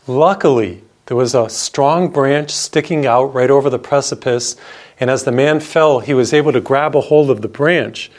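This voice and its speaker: A man's voice: mid-range voice, normal speed. A middle-aged man, a priest, preaching a radio sermon in an earnest storytelling way, repeating phrases for emphasis.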